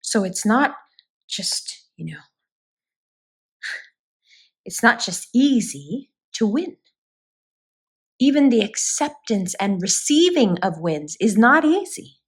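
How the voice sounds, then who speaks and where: A woman's voice: on the high side, sing-song, slow pace, pauses often, breathy edge. A woman giving a spoken tarot reading, talking straight to her viewers in an earnest, reassuring way. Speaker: tarot reader.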